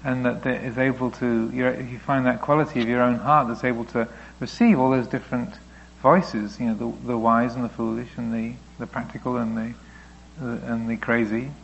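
Gravelly-voiced man teaching meditation. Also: mid-range voice, steady tone, normal speed, muffled recording, slight background noise. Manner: reflective, gently explaining, voicing thoughts aloud. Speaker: Buddhist teacher answering questions. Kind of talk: dharma talk Q&A.

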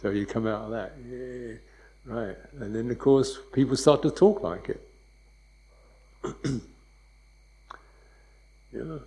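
A man giving a dharma talk as a meditation teacher, speaking softly and unhurriedly, with reflective repetitions. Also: medium pitch, slow, pauses often, low-quality recording.

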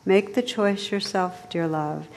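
A woman's voice: mid-range voice, slow, a little mellow, slight background noise. A woman reading a devoted young knight. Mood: humble. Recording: long hall reverb.

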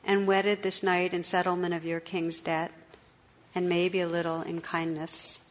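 A gentle enchanted noblewoman, cursed and tearful, pleads in a low, soft voice, as a woman storyteller puts her on. She speaks slowly and sorrowfully, as if from an old legend being read aloud. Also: little pitch movement, long reverb tail, slight background noise, lightly acted. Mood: tender.

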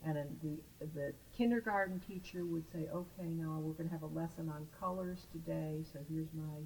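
A woman in a meditation class talks quickly and explains her point through examples. Her voice is somewhat low, and faint background noise is audible. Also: fairly even intonation, a little mellow, low-quality recording. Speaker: class participant.

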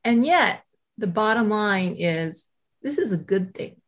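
A woman who writes and teaches self-compassion, telling a personal story in a casual interview, animated and full of "you know" asides. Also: mid-range voice, unhurried. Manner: animated, acts out quoted voices, frequent "you know" asides.

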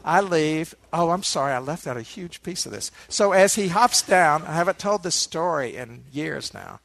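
A man giving a meditation dharma talk, a relaxed storyteller who adds asides to his listeners. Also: a little high, normal speed, creaky. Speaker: meditation teacher.

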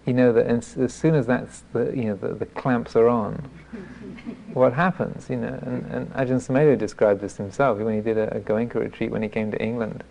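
A man, a Buddhist monk teacher, giving a dharma talk as self-deprecating storytelling, halting with many restarts. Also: medium pitch, steady tone, gravelly, darkish tone, dull audio, a little hiss or hum.

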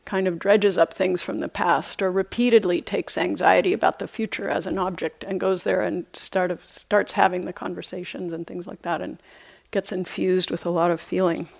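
A middle-aged woman, a meditation teacher, giving a reflective dharma talk on retreat with unhurried, soft hesitations. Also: on the low side, little pitch movement, gravelly. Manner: light self-amused laughter. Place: retreat center meditation hall.

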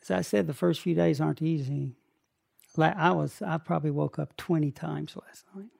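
An older man guiding a meditation retreat talk, speaking gently in short phrases with long pauses. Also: a little high, steady tone, vocal fry. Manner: slow, gentle, pausing between short phrases. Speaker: meditation teacher.

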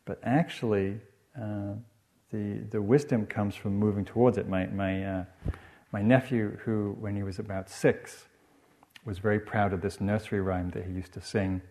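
Mellow meditation teacher. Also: male voice, fairly low pitch, fairly even intonation. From northern England. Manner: reflective, unhurried, many "you know" asides. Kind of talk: dharma talk.

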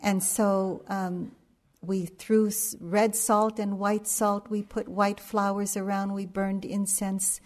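A middle-aged woman meditation teacher telling a story in a dharma talk, unhurried and anecdotal, with frequent pauses and fillers. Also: mid-range voice, flat delivery, a little mellow.

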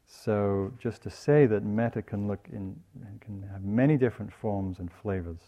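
A male meditation teacher giving a dharma talk. His voice sits a little low and sounds mellow and warm, and his delivery stays gentle and reflective. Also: normal speed. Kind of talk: dharma talk on loving-kindness.

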